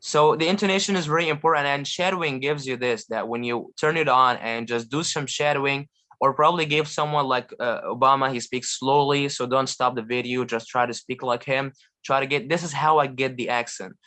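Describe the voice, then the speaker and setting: Enthusiastic man from Egypt, halting. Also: mid-range voice, pushed and bright. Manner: earnest, enthusiastic, many fillers and restarts. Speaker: guest language learner. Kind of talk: casual chat on a live call.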